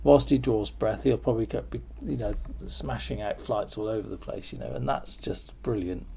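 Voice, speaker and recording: A man's voice: on the low side, moderate pace, creaky, dark tone, slight background noise. A man hosting a podcast, chatting casually in an encouraging way and laughing often. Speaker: podcast host. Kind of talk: casual chat.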